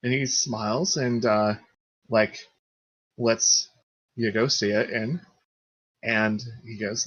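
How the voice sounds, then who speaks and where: A man's voice: on the low side, steady tone, slow pace, long pauses, fairly bright tone, dry recording, poor audio. A man narrating a tabletop game as game master, hesitant and full of fillers. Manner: hesitant, many fillers and restarts.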